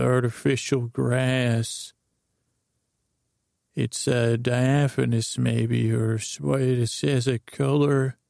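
Slow, gravelly, flat-voiced man rambling. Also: medium pitch, dry recording, studio quality. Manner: drowsy rambling monotone with many fillers. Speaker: podcast host. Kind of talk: meandering bedtime story.

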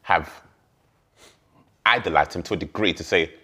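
A man with a deep, low voice argues insistently at a dinner table, hammering his point home. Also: normal speed, sharp tone. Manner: emphatic, insistent. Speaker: dinner guest. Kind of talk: casual discussion.

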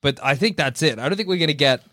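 An Australian man co-hosting a podcast in casual, animated chat, swearing and laughing freely. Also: a little high, quick pace, dry recording. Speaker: podcast co-host.

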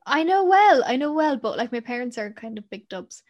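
A young woman with an Irish accent and a bright, high-pitched voice chats easily in a casual podcast conversation. She tells stories with animation and laughs readily. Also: muffled recording. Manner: animated storyteller, quick to laugh. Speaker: podcast co-host. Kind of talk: casual chat.

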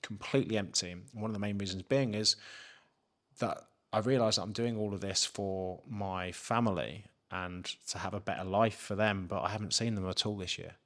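A man's voice: on the low side, fairly even intonation, normal speed, a bit bright. A man, a podcast guest telling a candid personal story and swearing freely. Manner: frank, swears freely, acts out his own inner questions.

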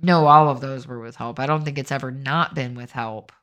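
A middle-aged woman co-hosts a podcast, chatting casually with her partner in a blunt, wry manner. Her voice is extremely low yet fairly bright in tone, fairly quick, and nasal and stuffy from having cried.

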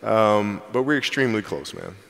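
A man's voice: on the low side, brisk, vocal fry, a bit bright. Blunt, easygoing man in a reverberant room. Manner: laid-back, blunt, full of "like" and "you know". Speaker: interview guest. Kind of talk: casual interview chat.

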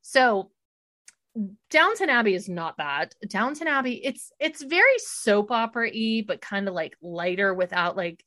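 A middle-aged woman co-hosting a relaxed podcast chat. She tells stories in an animated, chatty way, her voice pitched in an ordinary middle range, and she laughs often. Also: unhurried. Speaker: podcast co-host. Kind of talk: casual chat.

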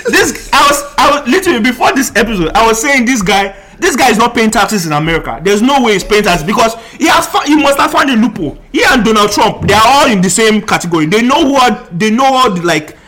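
A man with a high, bright voice chats casually as co-host of a sports podcast. He talks in an animated way, laughs often, and acts out what other people might say. Casual, joking banter. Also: fast, hardly any pauses. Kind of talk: casual chat.

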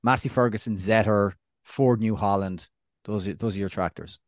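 A low-pitched man from Ireland talks football with energy and a playful streak. He jokes freely between points. His voice is close and dry. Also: moderate pace, no room sound. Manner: enthusiastic, playful, joking. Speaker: podcast co-host. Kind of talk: casual sports chat.

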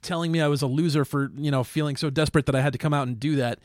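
Blunt, opinionated young man, slightly high voice. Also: fairly even intonation, racing, no room sound, studio quality. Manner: blunt, opinionated, self-mocking. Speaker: band member and podcast co-host. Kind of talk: casual podcast chat. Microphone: studio microphone.

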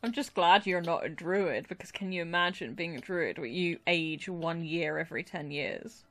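Lowish-voiced woman, chatty game player. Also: moderate pace, a bit bright. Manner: chatty, laughs often. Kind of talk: casual chat about a tabletop game.

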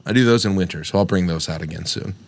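A man's voice: sits low, fast talker, creaky, slight background noise. A middle-aged man co-hosting a sports podcast in casual, joking chat, with a Midwestern American accent. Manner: animated, joking, trails off into mumbles. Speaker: podcast co-host.

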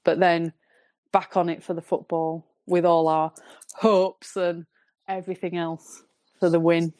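Low-voiced Northern English woman. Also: a little slow, no echo, clean studio sound. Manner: relaxed, rambling storytelling. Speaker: podcast guest, football fan. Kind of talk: casual podcast chat.

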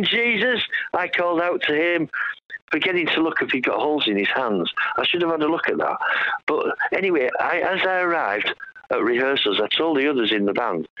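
A man's voice: medium pitch, dry recording, muffled recording. A male musician guest telling rambling, joking stories in a casual radio chat. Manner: rambling, joking, with many restarts.

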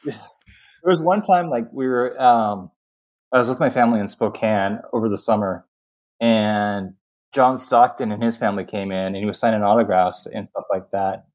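A man co-hosting a podcast in casual chat, adding quick joking reactions and short interjections. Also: fairly low pitch, a little mellow. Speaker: podcast co-host.

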